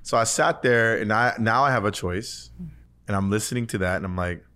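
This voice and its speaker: A man with a fairly low voice talks casually on a faith podcast. He tells his story earnestly, rambling and restarting often, with "like" scattered through his sentences. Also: a little fast, pushed and bright, smooth. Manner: earnest, rambling, heavy use of "like". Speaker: podcast co-host.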